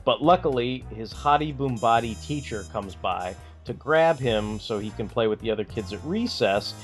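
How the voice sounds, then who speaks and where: A man's voice: mid-range voice, lively intonation, normal speed, faint music behind. A man co-hosting a podcast, chatting casually in a rambling way with lots of fillers and swearing. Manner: rambling, filler-heavy, profane. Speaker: podcast co-host. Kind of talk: casual chat.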